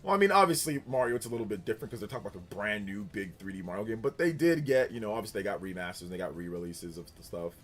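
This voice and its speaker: A young man hosting a casual livestream, chatting loosely and reading viewer comments aloud in a rambling, animated way. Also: on the low side, very fast, few pauses, soft background music. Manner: rambling and animated, with filler words and restarts. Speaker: streamer host.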